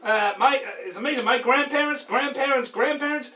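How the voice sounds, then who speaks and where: A man's voice: very high voice, brisk, sharp tone, roomy sound, distant mic, highs cut off, pitched above the performer's own voice. Man doing a brash wise-guy ferry attendant. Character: cocky loud male ferry kiosk attendant.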